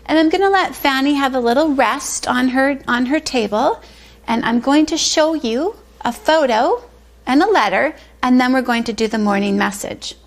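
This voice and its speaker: A woman teaching a pre-kindergarten circle lesson, speaking slowly and drawing out words in a sing-song way for small children. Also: high voice. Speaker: preschool teacher.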